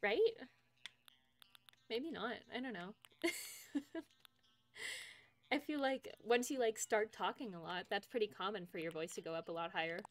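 A woman's voice: mid-range voice, unhurried, long pauses. A young woman streaming from home, chatting casually with her viewers, laughing often as she reads out their messages. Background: faint game music.

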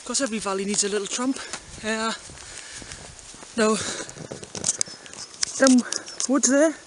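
A man's voice: high voice, slow pace. Joking man hiking, windy outdoors. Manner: dry, joking, rambling. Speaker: vlogger. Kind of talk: walking vlog commentary. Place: outdoors on a rural hillside. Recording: loud wind and outdoor noise.

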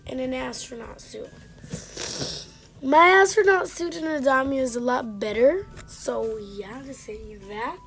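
A woman's voice: high-pitched, a little slow, a bit bright. A woman casually commenting on a game she plays, chatting along and scolding the characters on screen. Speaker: gaming channel host. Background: game music.

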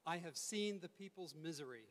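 A man's voice: fairly high pitch, expressive, normal speed, close to an everyday voice. A man voicing God speaking from a bush in a church skit, repeating each line after the narrator. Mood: solemn. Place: church sanctuary. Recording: reverberant church hall.

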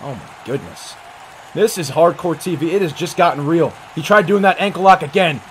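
A man giving excited, profane play-by-play commentary on a wrestling match, often breaking into yells. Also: fairly high pitch, brisk, a faint crowd, a little hiss or hum.

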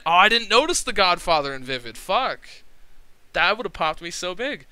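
Excitable young man streaming, bright voice. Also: sits high, a little slow, clear, resonant tone, no echo, rough recording. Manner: excitable, swears freely, gushes and rambles. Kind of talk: casual livestream commentary reading game text aloud.

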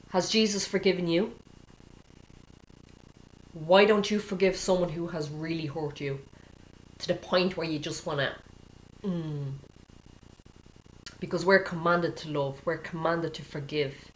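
A woman delivers an informal sermon in a fairly low voice, earnest and exhorting. She drives her points home by repeating short phrases. The sound is echoey, as if from a bare room. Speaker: Christian speaker.

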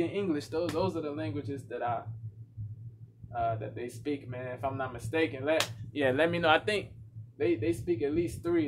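A man's voice: on the high side, background noise. An American man reacting to a rap track in casual, slangy talk, often restarting his sentences. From United States. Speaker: music reaction YouTuber.

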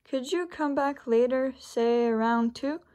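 Storybook girl, read by a woman: unhurried, questioning, fairly high voice. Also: dark tone. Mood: apologetic.

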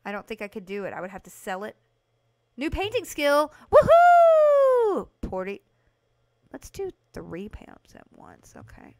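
A woman livestreaming a house renovation game, chatting casually with her viewers and breaking into excited bursts. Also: medium pitch, brisk, creaky, few pauses, a little hiss or hum. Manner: chatty, talks to chat by name, excited bursts. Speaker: livestream host playing a video game. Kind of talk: casual live game commentary.

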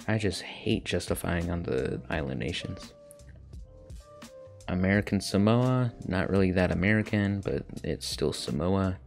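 A young man with a very low, gravelly voice talks through his strategy game. He speaks bluntly and swears a lot. Faint game music plays underneath. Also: lively intonation, unhurried, a little mellow. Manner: swearing, blunt, jokey running commentary. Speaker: gaming YouTuber. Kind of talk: casual gameplay commentary.

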